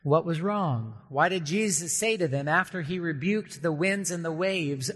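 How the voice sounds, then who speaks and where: A man's voice: fairly high pitch, a bit bright. Earnest preacher man in a reverberant hall. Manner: earnest, slows down for emphasis, acts out quoted voices. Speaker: pastor. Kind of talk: sermon.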